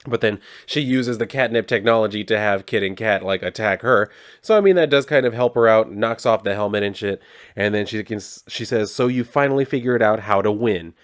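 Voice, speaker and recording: A man's voice: lowish voice, brisk. A man casually reviewing comic books, swearing often as he talks.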